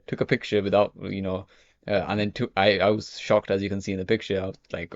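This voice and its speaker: A young man vlogs casually to the camera in a lowish, fairly flat, creaky voice, talking fairly quickly and rambling with lots of "you know" and "okay." The audio is dry and dull, lo-fi, with no room sound.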